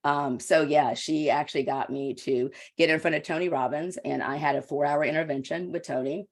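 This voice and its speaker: A woman's voice: deep voice, steady tone, normal speed. A middle-aged woman coach, a guest on an interview show, telling her story in a candid, confessional way. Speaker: guest, women's leadership coach.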